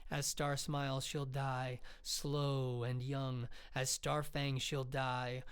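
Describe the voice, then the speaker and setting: A man voicing an ancient, solemn tree spirit that speaks in slow, measured, chanted verse in an audiobook reading. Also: mid-range voice, level tone, clear, resonant tone, lightly acted.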